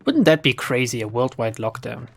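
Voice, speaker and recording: A woman streamer giving casual, playful commentary while playing a game, chatty and quick to swear at the characters. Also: a bass voice, animated, creaky. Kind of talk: casual let's-play commentary.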